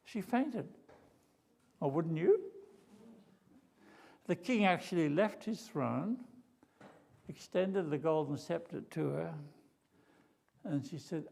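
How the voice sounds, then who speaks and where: An Australian man preaches, retelling a story with lively swings between loud exclamations and hushed asides. His voice sits high for a man and carries a gravelly rasp. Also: slow pace, pauses often. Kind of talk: sermon.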